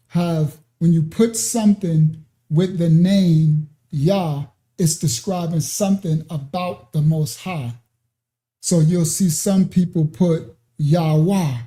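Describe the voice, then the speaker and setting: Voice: medium pitch, dark tone. A ministry teacher giving an informal scripture lesson, explaining step by step and checking in with "right?" and "okay?" as he goes off on side paths. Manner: digressive, with many fillers and restarts.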